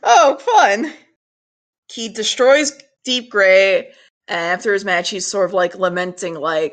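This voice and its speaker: This is a woman co-hosting a casual podcast, recapping an episode in loose, animated chat. She swears freely and acts out the characters' lines as she goes. Her voice sits at an everyday middle pitch. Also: slow. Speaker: podcast co-host.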